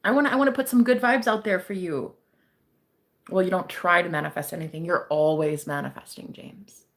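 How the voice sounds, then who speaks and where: A woman's voice: fairly low pitch, brisk. A young woman hosting a casual livestream as a psychic reader. She chats with viewers, laughs often and swears casually.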